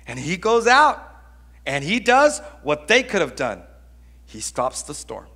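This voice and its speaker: A man preaching a sermon as pastor, telling stories in an animated, conversational way with acted-out voices. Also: fairly high pitch, measured pace, breathy edge. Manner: conversational, with frequent restarts.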